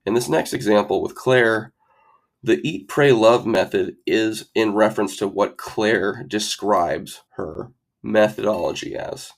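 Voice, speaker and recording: A low-voiced man with a gravelly, fry-laced tone walks through test grammar rules step by step. He keeps a methodical tutoring pace and slips in dry, wry asides. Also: unhurried. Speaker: SAT tutor. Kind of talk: explaining grammar rules over slides.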